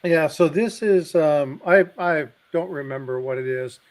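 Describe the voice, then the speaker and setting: A middle-aged man co-hosting a casual live show, his voice sitting slightly higher than usual for a man. He tells family anecdotes and dad jokes with animated delivery, jumping into the voices of the people in his stories. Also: measured pace. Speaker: co-host of a live stream.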